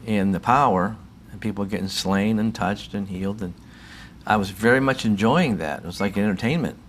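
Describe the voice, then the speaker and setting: A man giving a personal testimony in an interview, telling his story as an animated storyteller who acts out the voices of others. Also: fairly low pitch, normal speed, slight background noise. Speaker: faith healer telling his story as a guest.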